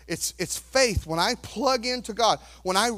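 Prédicateur à la voix très aiguë. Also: male voice, high voice, animated, unhurried. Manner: emphatic preaching with rhetorical questions, swings from hushed to shouting. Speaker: pastor. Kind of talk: sermon.

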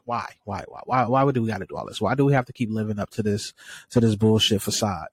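A California man co-hosts a podcast in casual chat, speaking fast in a fairly low, slightly rough voice. He sounds frustrated yet conversational and laughs often.

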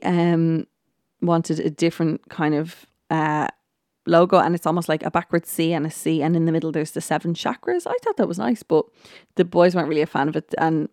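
A woman's voice: low-pitched, a little mellow, no room sound, clean studio sound. A woman hosting a podcast, chatting casually through an episode recap with plenty of ums, restarts and quoted lines. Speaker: podcast host.

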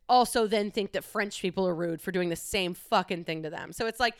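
A woman's voice: mid-range voice, normal speed, clear, resonant tone, no room sound, clean studio sound. A young woman talking candidly on her own, chatty and casual, with frequent swearing. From United States. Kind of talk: casual solo monologue.

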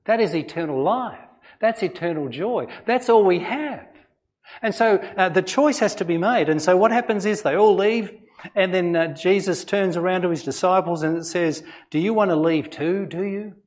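A man preaches a sermon with a fairly high-pitched voice. He speaks earnestly but conversationally, and keeps asking his listeners rhetorical questions. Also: normal speed. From Australia. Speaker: pastor.

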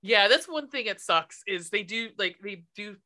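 Bright-voiced woman chatting casually. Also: medium pitch, lively intonation, moderate pace. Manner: chatty, swears casually, laughs often. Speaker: podcast co-host. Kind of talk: casual movie recap chat.

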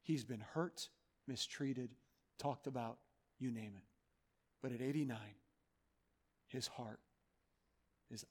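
A man preaching a sermon as pastor of his church, earnest, moving between loud urging and soft, hushed pleading. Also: medium pitch, slow, pauses often, in a large hall. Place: church sanctuary.

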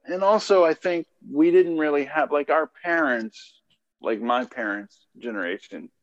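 A man's voice: fairly high pitch, normal speed. A man guesting on a podcast, musing aloud in casual chat and leaning on fillers as he rambles through his points. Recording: dull lo-fi sound with long reverb.

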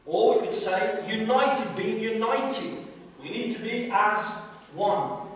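A man's voice: high voice, expressive, slow pace, a little hiss or hum. A man pastor preaching a sermon, emphatic, repeating phrases and asking rhetorical questions. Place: church hall, live service. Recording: echoey live church hall recording from far off.

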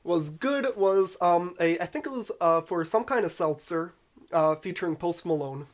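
A man co-hosting a casual chat, with a plain mid-pitched voice. He talks dryly, slipping in wry jokes. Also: moderate pace. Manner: dry, wry, plays up jokes. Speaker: podcast co-host.

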